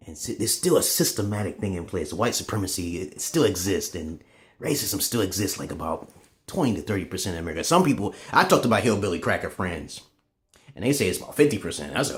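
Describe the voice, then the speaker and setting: A man in a casual, profane ranting monologue to camera, swinging between loud outbursts and low muttering. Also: sing-song, fast. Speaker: vlogger.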